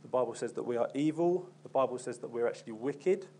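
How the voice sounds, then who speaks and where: A man's voice: mid-range voice, expressive, fast, warm tone, breathy edge. A young man preaching a sermon in an earnest, conversational way, with frequent ums and restarts.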